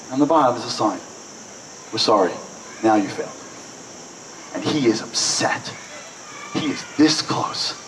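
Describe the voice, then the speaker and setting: Guy telling a story to a room, bit high voice, mic kinda far, faint noise behind. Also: echoey room. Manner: animated, acts out quoted voices. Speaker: speaker. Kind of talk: storytelling speech. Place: event hall.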